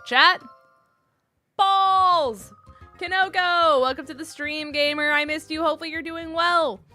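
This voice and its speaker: A woman's voice: high voice, fairly even intonation, moderate pace, bright, forceful tone, faint music behind. A woman streaming a video game, chatting playfully with her chat and reading game dialogue aloud in put-on voices. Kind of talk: casual game commentary.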